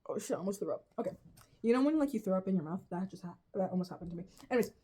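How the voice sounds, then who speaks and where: Speaking very fast in a warm, expressive, mid-range voice, a young woman reviews a show for a video. Her commentary is casual, profane and rambling, and she keeps cutting herself off mid-sentence to laugh at her own words.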